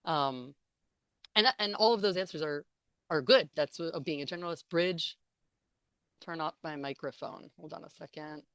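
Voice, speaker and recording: A young woman with a low voice runs a lively online session over a computer mic, chatting and joking with her audience. Her sound is dry and close. She reacts to the chat as she goes. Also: moderate pace, pauses often, no room sound. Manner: chatty and playful, laughs and reacts to chat comments. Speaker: interpreting trainer giving an online talk. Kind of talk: live webinar presentation with audience chat. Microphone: computer mic on a video call.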